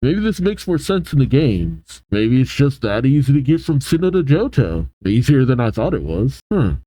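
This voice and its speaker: Man hosting a reaction video, animated pitch, musing casual talk, dry close sound. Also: moderate pace, dry recording, poor audio. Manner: musing, thinking aloud with many restarts. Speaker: reaction channel host.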